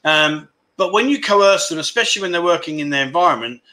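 On his casual livestream, a man reads out viewer comments, calls everyone "mate" and rambles with frankness. His voice is on the high side, bright and forceful, delivered briskly and with animation.

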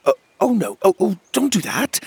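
A man's voice: mid-range voice, huge pitch swings, normal speed, slightly rough, full character voice. A man voicing a cheerful young male fairy hero who speaks in a friendly, coaxing way.

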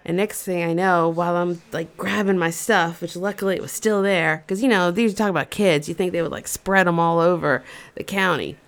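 Animated woman telling a funny story. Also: on the low side, brisk. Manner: animated, dramatic, conversational. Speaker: storyteller host. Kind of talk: comedic personal storytelling.

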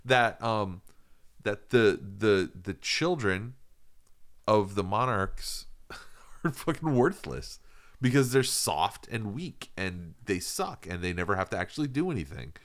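A man's voice: lowish voice, very animated, a little slow, a bit bright. A man chatting casually on a comedy podcast, rambling, swearing and laughing as he riffs. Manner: rambling, profane, laughs often.

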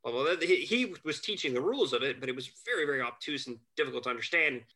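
A man who is a guest on a chat show, telling lively anecdotes and acting out quotes. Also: medium pitch, very fast. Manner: animated anecdotes, acts out quotes, chuckles. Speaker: podcast guest, family lawyer. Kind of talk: casual storytelling chat.

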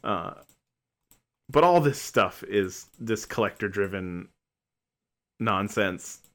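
A man's voice: fairly low pitch, animated, slow pace, a bit bright. A man co-hosting a podcast, chatting casually with a joking, rambling manner. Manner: joking, rambling, self-interrupting. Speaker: podcast co-host.

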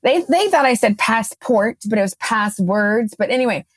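A woman co-hosting a podcast, chatting casually and telling a lively story, acting out her own quotes. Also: a little high, moderate pace, no room sound. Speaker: podcast co-host.

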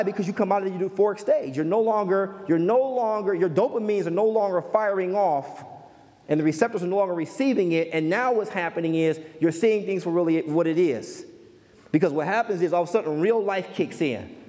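A man preaching a sermon who repeats key phrases slowly and asks the audience questions. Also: sits high, dark tone, in a large hall. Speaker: minister.

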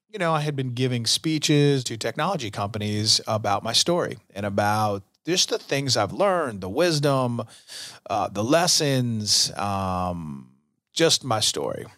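A man's voice: medium pitch, a bit bright, no echo, studio quality. A middle-aged man hosting a podcast, telling a personal story in a casual, earnest way with many fillers. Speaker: podcast host.

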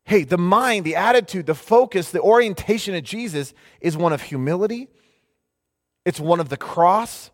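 Lively, emphatic preacher in a reverberant hall. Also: male voice, sits high, normal speed. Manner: emphatic preacher, repeats phrases, keeps saying "hey". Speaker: pastor. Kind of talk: sermon.

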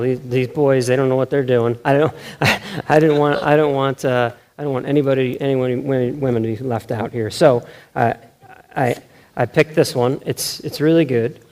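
A man preaching a sermon in a loose, conversational way, often checking in with the room and restarting his sentences. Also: medium pitch. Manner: conversational, self-correcting, keeps asking "right?"; animated, laughs often. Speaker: pastor.

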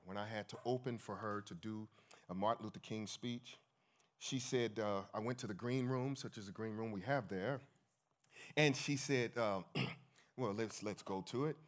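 A man in his fifties telling a dramatic story at a church event, swinging between hushed and loud. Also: lowish voice. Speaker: speaker and singer at a church event. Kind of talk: storytelling talk with sung spiritual.

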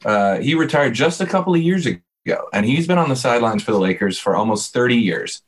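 Man, casual sports talk, lively play-by-play retelling, mid-pitched voice. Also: brisk. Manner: animated storyteller, replays moments play by play.

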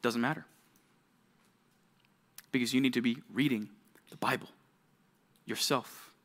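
A man's voice: mid-range voice, fairly even intonation, measured pace, fairly bright tone. A young man, a youth pastor, giving a casual, conversational sermon to teenagers, full of rhetorical questions.

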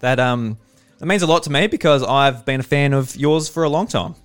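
A man's voice: mid-range voice, brisk, soft background music. A man with a South Australian accent hosting a podcast over a Discord call, chatting casually and playfully. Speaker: podcast host.

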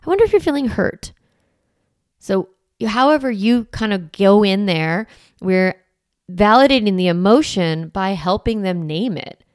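A woman parenting coach hosting a podcast, talking earnestly and gently and explaining with everyday examples. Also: mid-range voice, no echo, clean studio sound. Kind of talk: conversational advice podcast.

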